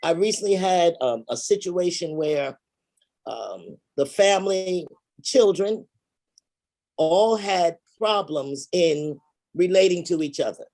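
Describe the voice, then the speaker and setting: A woman giving a measured, explanatory presentation on funeral pre-planning over a video call. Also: on the low side, animated, warm tone.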